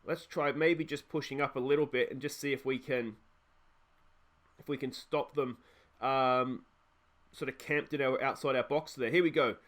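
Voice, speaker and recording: A young Australian man hosts a let's play of a football management game, giving chatty, excitable live commentary and often talking to his players. His voice is medium-pitched and his pace normal.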